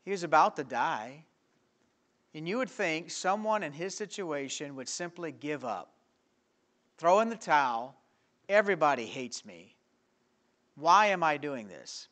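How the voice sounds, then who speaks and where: Male pastor with a bright, somewhat high voice, preaching animatedly in a church and moving between loud and hushed. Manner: animated preaching with rhetorical questions, swinging from loud to quiet. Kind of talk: evening sermon. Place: church sanctuary.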